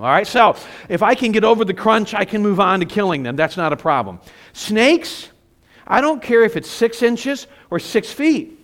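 A middle-aged male pastor preaching a sermon, telling stories with animated, self-mocking humor. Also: sits high.

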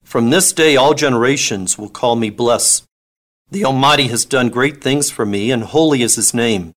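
A man giving a measured, solemn liturgical reading of scripture. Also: mid-range voice, a bit bright. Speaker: scripture reader.

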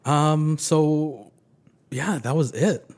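A husky, slightly breathy man in his thirties tells a story on a podcast. His delivery is laid-back and casual, with dry humor. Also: a little high, very slow, darkish tone. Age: 30s. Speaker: podcast guest.

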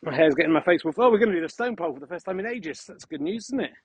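Deadpan rambling man outdoors. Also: high voice, very fast, slightly rough, no echo. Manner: deadpan, absurd, mock-grandiose. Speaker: vlogger walking his dog. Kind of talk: rambling comic walk-and-talk monologue. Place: outdoors in open fields.

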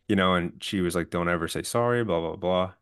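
Low-voiced man telling his story. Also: a little fast, clear, resonant tone. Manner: calm, earnest, candid with profanity. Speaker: podcast guest. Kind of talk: personal storytelling.

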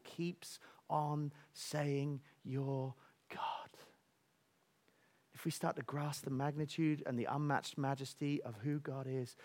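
In this sermon, a medium-pitched male preacher tells stories energetically. He periodically lowers his voice to near-whispers for emphasis.

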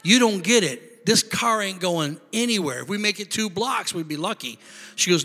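High-voiced bright preacher in a hall. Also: male voice, moderate pace. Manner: animated storyteller, quiet asides building to loud shouting praise. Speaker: pastor. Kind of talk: sermon storytelling.

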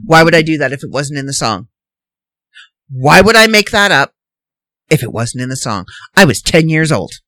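Animated woman podcast host. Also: sits low, normal speed, pauses often, dry recording. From Canada. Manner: animated, incredulous, rambling rants. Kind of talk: casual solo podcast chat.

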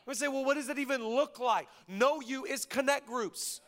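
A male pastor delivering a sermon with a high, bright voice. He drops to hushed, close passages and then rises to shouted emphasis. He acts out bits of dialogue as he preaches. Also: normal speed.

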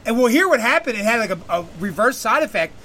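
A man's voice: very high voice, big pitch swings, fast, sharp tone. A man hosting a podcast, telling a long profane story in a rambling casual way and laughing often. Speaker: podcast host.

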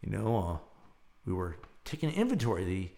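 A middle-aged man hosting his own show, talking casually in a loud, animated way and laughing at his own jokes. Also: deep voice, brisk, gravelly. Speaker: podcast host. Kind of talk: casual monologue with dad jokes.

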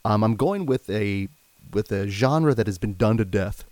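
A man's voice: fairly low pitch, expressive, normal speed, a little mellow, no room sound. A man hosting a podcast who chats casually about films and steers the conversation along. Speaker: podcast host. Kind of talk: casual film chat.

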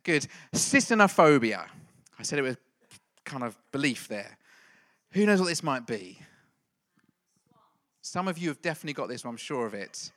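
Male pastor, middle-aged, playful teasing delivery, tense bright tone. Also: mid-range voice, lively intonation, moderate pace, long pauses. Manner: playful, jokey, quizzes the congregation. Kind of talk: lively church talk with a quiz.

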